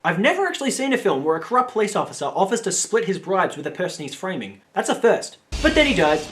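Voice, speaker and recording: A man's voice: sits high, big pitch swings, fast, a bit bright. A man hosting a film review video, giving blunt, sarcastic scripted commentary and swearing casually.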